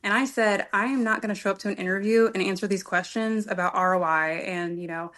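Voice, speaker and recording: A woman's voice: medium pitch, fast talker, fairly bright tone. A woman guest on a podcast, telling a personal story in an earnest, emotional way and sometimes searching for her words.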